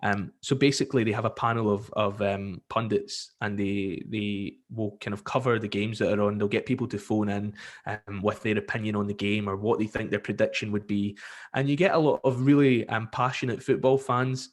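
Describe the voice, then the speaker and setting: A man with a Scottish accent, a radio presenter chatting as a podcast guest, telling lively stories and acting out callers. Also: fairly low pitch, normal speed. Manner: lively storyteller, acts out callers, many fillers. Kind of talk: casual podcast interview.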